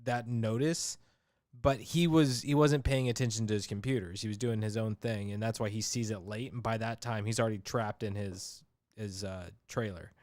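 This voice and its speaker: A man co-hosting a casual movie podcast, talking in an animated, chatty way and laughing often. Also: on the low side, moderate pace, no room sound, studio quality. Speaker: podcast co-host.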